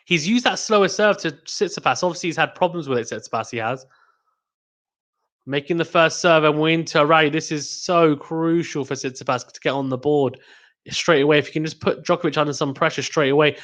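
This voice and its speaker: Excitable male tennis stream commentator. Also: on the high side, fairly quick. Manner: excitable, rising to exclamations on big points; reads out chat messages to viewers. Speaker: host of a live tennis watchalong stream. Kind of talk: live play-by-play commentary.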